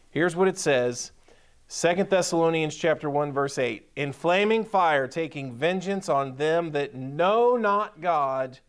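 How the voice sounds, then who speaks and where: A man's voice: fairly high pitch, clean tone. A man preaching a sermon as pastor, reading scripture aloud and repeating key points with emphasis. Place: church sanctuary.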